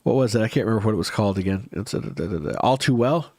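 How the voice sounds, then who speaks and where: A man's voice: lowish voice, very fast, dark tone, no echo, studio quality. A man hosting a casual livestream, chatting with viewers in a rambling, hesitant way with many restarts, his nose a bit stuffy. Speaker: livestream host.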